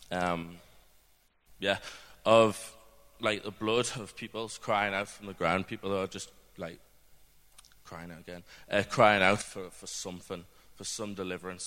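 A man's voice: lowish voice, sharp tone. A young man from the UK giving an earnest, rambling testimony at a church gathering, full of fillers. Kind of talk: informal testimony talk. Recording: long hall reverb.

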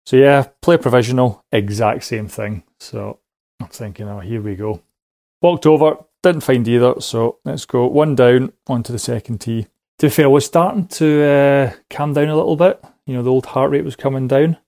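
A man's voice: mid-range voice, normal speed, vocal fry, a little mellow, no room sound, clean studio sound. A man calling in with a story, rambling along with lots of ums and little laughs. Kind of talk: casual recorded voice message.

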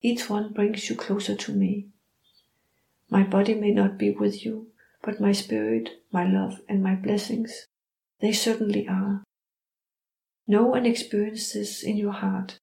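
A woman voicing a calm, loving female dog spirit who speaks softly and soothingly. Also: medium pitch, gravelly. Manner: soft, slow and soothing. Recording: roomy echo.

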